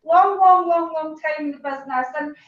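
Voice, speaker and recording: High-voiced Scottish woman presenting awards. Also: normal speed. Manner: chatty, warm-hearted, gets choked up. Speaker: event host. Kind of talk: emotional award speech. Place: hot function room. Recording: echoey room, distant dull mic.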